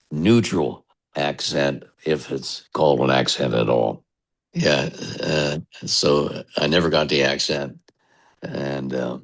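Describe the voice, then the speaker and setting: American radio DJ guest, deep and gravelly, spins loose anecdotes. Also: male voice. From United States. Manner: chatty, rambling anecdotes. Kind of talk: casual storytelling interview.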